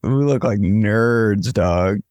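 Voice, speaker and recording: A man's voice: lowish voice, very slow, a little mellow, clear, resonant tone, dry recording. Young man, podcast co-host, casual rambling chat, laughs a lot, dry close mic. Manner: rambling, laughs a lot, says bro and dude. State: sick with phlegm. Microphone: headphones with podcast mic on a video call.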